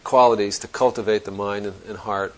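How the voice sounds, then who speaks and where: A man's voice: on the low side, fairly even intonation, fairly quick, fairly bright tone, low-quality recording. A man giving a Zen dharma talk to students, thinking aloud in a reflective, conversational way and often restarting his sentences. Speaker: Zen teacher.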